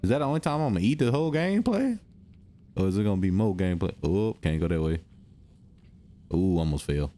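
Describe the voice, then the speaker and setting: Deep excitable young man gaming. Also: fast talker, pauses often. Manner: excitable, slangy, talks to himself; drops to a hush when the game gets quiet. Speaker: gaming video host. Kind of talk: let's-play commentary.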